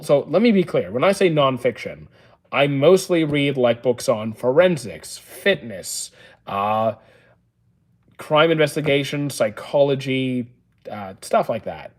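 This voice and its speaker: A man in his thirties hosts a casual livestream Q&A, answering what viewers type in chat. He sounds calm and level, more dry than excitable, and tends to hesitate with an "uh" before each answer. His voice sits at a typical middle pitch for a man.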